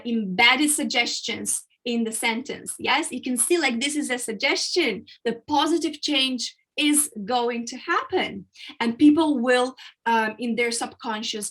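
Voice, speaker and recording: A woman public speaking coach leads a training session, explaining ideas step by step. Her voice sits high and bright, and she stresses key words and pauses to show how emphasis works. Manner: explanatory, emphatic, uses vocal variety and pauses.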